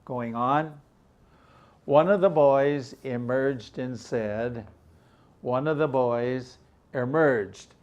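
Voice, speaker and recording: An older man teaching English through a story, explaining words slowly and glossing them in Mandarin. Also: mid-range voice, darkish tone, dull audio.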